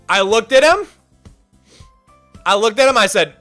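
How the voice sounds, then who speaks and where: A man rants through a story on his livestream, sarcastic and fired up, his pitch leaping around as he talks. His voice sits high and sounds bright and sharp. Faint music plays quietly behind him. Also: unhurried, long pauses. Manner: animated, ranting, sarcastic, swings to shouting. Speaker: streamer.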